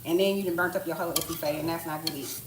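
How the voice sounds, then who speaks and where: A woman's voice: low-pitched, steady tone, racing, noisy background. A woman in her thirties chatting casually through a home cooking live stream, slangy and full of asides and rhetorical questions. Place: home kitchen. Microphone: tablet propped on the counter. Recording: echoey kitchen with cooking clatter. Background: clatter of pots, utensils and stirring.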